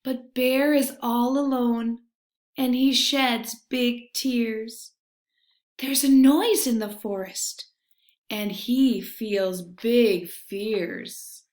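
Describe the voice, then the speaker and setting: A woman reading a children's picture book aloud, gentle and expressive, with hushed refrains. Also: fairly high pitch, very slow. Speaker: storybook reader. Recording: roomy echo.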